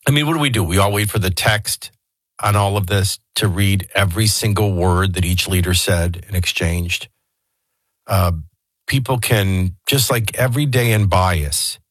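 A man's voice: on the low side, a bit bright, no room sound. A man hosting a talk radio show, speaking in a conversational, digressive way with folksy asides, into a studio microphone. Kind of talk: casual talk radio commentary.

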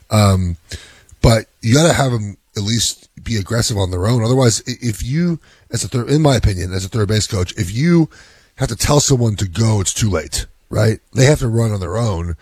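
A man in his thirties, a youth coach and parent, in casual chat, telling lively stories and saying "bro" and "dude" a lot. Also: on the low side, normal speed, breathy edge, no echo. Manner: animated storyteller, says "bro" and "dude" a lot.

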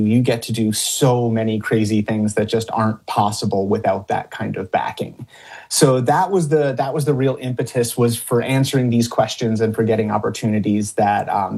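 Middle-aged guy from upstate new york, gravelly voice, rambles with lots of ums and little laughs. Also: on the low side, a little mellow. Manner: rambling, many fillers and restarts, chuckles often. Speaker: biologist and TV cryptid hunter. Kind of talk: casual interview answers.

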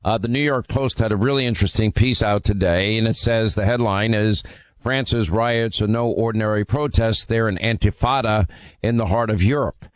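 A man's voice: lowish voice, normal speed, no echo. Emphatic male radio talk host. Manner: forceful, emphatic opinion talk with frequent fillers. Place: radio studio.

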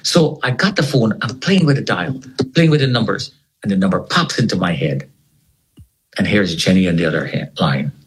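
A man as an interview guest, telling a personal story in an animated way and acting out the voices of the people in it. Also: low-pitched, moderate pace, poor audio.

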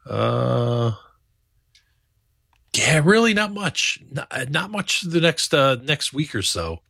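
A male meteorologist talks through the forecast in a relaxed, rambling way, full of ums and asides. His voice is bright and forceful, and the recording is dry and close. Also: mid-range voice, slow pace, gravelly, dry recording. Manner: loose, conversational, many fillers. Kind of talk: casual weather forecast chat.

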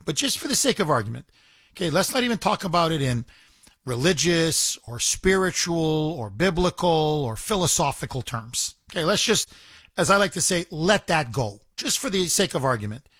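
Indignant talk radio host. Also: male voice, a little high, normal speed, slightly rough, no room sound, clean studio sound. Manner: indignant, animated, repeats himself.

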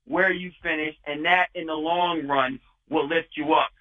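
A man's voice: fairly high pitch, steady tone, normal speed. A man calling into a sports radio show, making his case emphatically, heard over a muffled phone line. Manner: emphatic, preachy. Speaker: caller. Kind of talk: call-in opinion.

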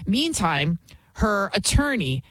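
A woman's voice: mid-range voice, big pitch swings, slow pace, a bit bright, dry recording, low-quality recording. A woman hosting a talk show, giving emphatic opinionated commentary and repeating her key phrases.

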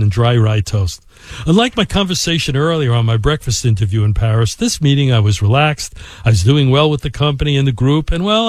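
A man hosting a show and telling a personal work anecdote in an expressive, animated way. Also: medium pitch, no room sound. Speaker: podcast host and storyteller. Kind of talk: anecdotal storytelling.

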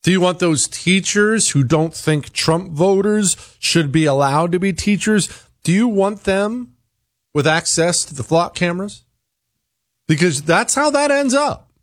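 A man's voice: sits high, measured pace, no room sound, studio quality. A man hosting a talk radio show, firing off rhetorical questions in an emphatic, combative monologue and reading ads. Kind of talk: opinionated talk radio monologue and host-read ad.

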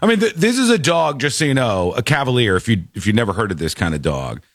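A man hosting a talk show, chatting casually in a rambling, animated way and laughing often. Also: medium pitch, quick pace, dry recording, clean studio sound. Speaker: radio show host.

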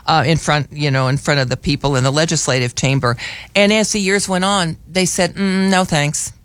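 A man's voice: on the high side, fairly bright tone, no echo. A man in his sixties hosting a talk radio show, telling stories in a chatty way with many restarts. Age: 60s. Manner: chatty storyteller, frequent restarts. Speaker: radio host. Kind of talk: casual talk radio chat. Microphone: studio mic.

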